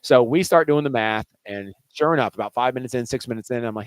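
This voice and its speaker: A man's voice: mid-range voice, rapid-fire, few pauses, no room sound, poor audio. A male teacher telling a classroom story in a casual, conversational way, full of "you know" and restarts.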